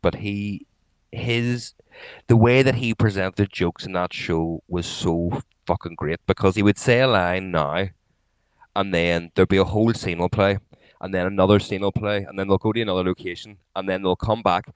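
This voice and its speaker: A man's voice: sits low, steady tone, moderate pace, clear, resonant tone, no room sound, low-quality recording. A man co-hosting a casual podcast, telling loose, sweary stories full of restarts. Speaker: podcast co-host. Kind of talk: casual chat.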